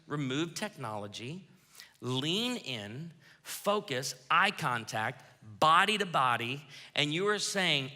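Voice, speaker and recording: A man preaching a sermon as pastor, lively, acting out quoted lines as he goes. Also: fairly high pitch. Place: church auditorium. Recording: reverberant church hall.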